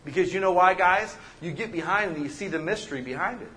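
A man preaching a sermon as pastor, animated and joking, acting out the people he quotes. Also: sits high, fast talker.

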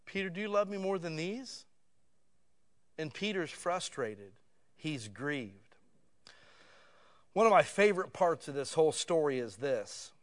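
Higher-voiced male preacher, conversational. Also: lively intonation, unhurried, long pauses. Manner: conversational preaching, swelling to loud emotional peaks. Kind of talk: sermon.

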